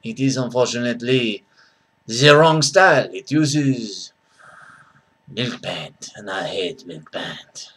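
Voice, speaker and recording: A man's voice: mid-range voice, animated, slow, fairly bright tone, slightly rough, heavily acted. A man voicing a disdainful French art critic with an exaggerated French accent.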